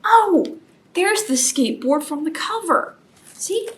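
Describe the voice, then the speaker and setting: Woman children's librarian, storytime reading, high voice, slow, very lively. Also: slight background noise. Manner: animated, gasps, exaggerated for kids.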